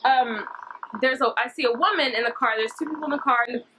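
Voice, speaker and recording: A woman's voice: high voice, quick pace, background noise. A young woman rambling through a story-time vlog, full of fillers. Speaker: vlogger.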